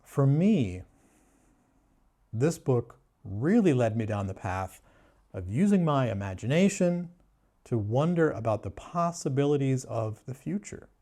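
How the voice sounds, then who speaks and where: A man giving a sarcastic, mock-serious book review in a deadpan way. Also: mid-range voice, unhurried. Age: adult. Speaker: booktuber.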